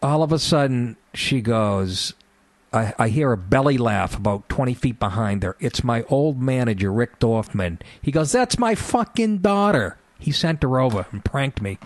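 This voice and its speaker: A middle-aged man tells loose, profane stories on a talk radio show and keeps breaking into laughter. His voice sits at an ordinary male pitch. The sound is close and dry, with no room echo. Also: moderate pace. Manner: rambling, profane, laughing through his anecdotes. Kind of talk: casual storytelling on talk radio.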